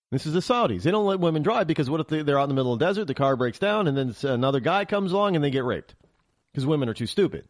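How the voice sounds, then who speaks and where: A man's voice: fairly high pitch, animated, rapid-fire, dry recording, studio quality. A man hosting a political talk show, ranting heatedly in a monologue and often stammering and restarting.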